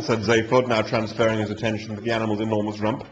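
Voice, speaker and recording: A man reading comic fiction aloud live in a dry, wry, animated manner. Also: lowish voice, fast, few pauses, a little hiss or hum. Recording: dull lo-fi live recording.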